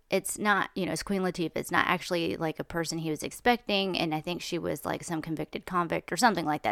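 A woman's voice: fairly low pitch, vocal fry, smooth, dry recording, studio quality. A woman talking in a chatty, rambling, indignant monologue. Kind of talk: casual monologue.

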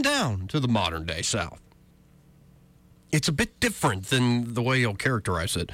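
A man's voice: mid-range voice, very animated, moderate pace, long pauses, a bit bright. A talk radio host, a man from Alabama, giving a sarcastic political commentary monologue and calling himself a cynic. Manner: sarcastic, self-described cynic.

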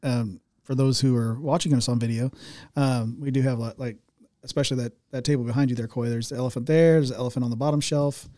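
A man hosting a podcast in casual chat, easygoing, laughing often and filling pauses with "um" and "uh". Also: mid-range voice, steady tone, mellow, no room sound, studio quality. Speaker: podcast host. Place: small podcast studio. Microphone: studio mic.

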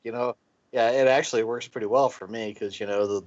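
A tipsy man rambles through a casual podcast talk, repeating words and tripping over his tongue. His pitch is middling. The sound is dull and lo-fi. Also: fairly even intonation, a little fast, a little mellow. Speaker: podcast co-host, guest. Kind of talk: casual chat.

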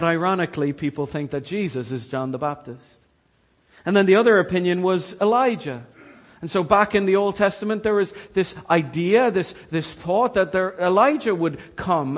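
A man preaching a sermon, telling Bible stories with animated, rising energy at the dramatic parts. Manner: animated storytelling, rising in pitch and volume at dramatic retellings. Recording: long hall reverb.

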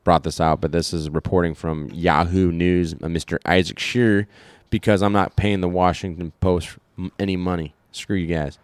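A man's voice: low voice, flat delivery, moderate pace, hardly any pauses, clean tone, no room sound. A man from Iowa co-hosting a podcast, chatting casually about politics, rambling with fillers and restarts. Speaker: podcast co-host.

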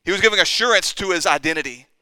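A man's voice: sits high, racing, sharp tone, smooth, no echo. A man preaching a sermon in an earnest way, acting out quoted lines and building to emphatic peaks. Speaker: pastor.

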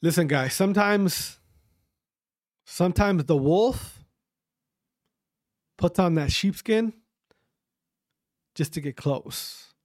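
A man's voice: high voice, slow pace, long pauses, no room sound, studio quality. A man hosting his own podcast, speaking in an emphatic, repetitive and profane rant. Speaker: podcast host.

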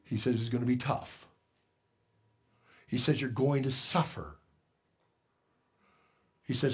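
A man preaching a sermon in a church as pastor, swinging between loud emphasis and hushed tones and putting questions to the congregation. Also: mid-range voice, fairly even intonation, takes it slowly, long pauses, husky.

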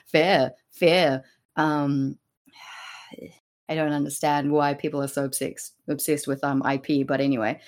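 A woman with a very low voice co-hosts a casual podcast discussion. She talks slowly and hesitantly, filling pauses with ums, and keeps a wry tone. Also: little pitch movement. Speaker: podcast co-host.

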